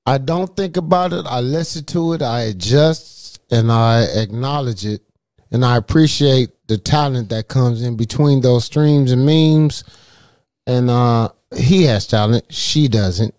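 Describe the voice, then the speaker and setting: A man from Southern California chats as a guest on a radio show, unhurried and playful. His voice sits in an ordinary middle range. It is recorded close and dry, with no room sound. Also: mid-range voice, darkish tone, no room sound. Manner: laid-back, playful, drawn-out. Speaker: rapper guest. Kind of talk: casual radio interview.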